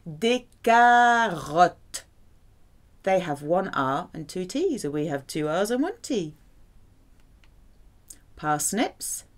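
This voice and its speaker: A French woman teaching vocabulary, pronouncing each word slowly and carefully. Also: lowish voice, very animated. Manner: slow, careful pronunciation drills. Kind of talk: vocabulary lesson.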